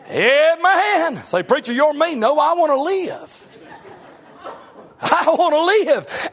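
A middle-aged male preacher giving a sermon in a folksy way, swinging between shouted lines and low, quiet asides. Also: very animated, unhurried.

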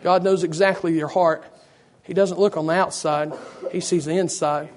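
A man preaching a fervent sermon with a hoarse, worn voice, praying with a repeated "Lord" and building to shouts. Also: fairly high pitch, steady tone, normal speed. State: hoarse, losing his voice.

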